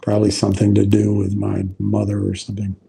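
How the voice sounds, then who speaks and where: A man hosting a livestream, talking in a rambling, halting way with many restarts. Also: fairly low pitch, completely flat delivery, gravelly, dark tone, breathy edge. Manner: halting, meandering, frequent restarts. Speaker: livestream host. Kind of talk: rambling casual livestream talk.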